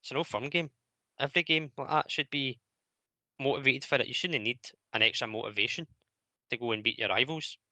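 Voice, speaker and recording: A Scottish radio host with a very bright, forceful voice, laying out his argument steadily on a football phone-in. The sound is dry and close to the mic. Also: medium pitch, fairly quick, no room sound.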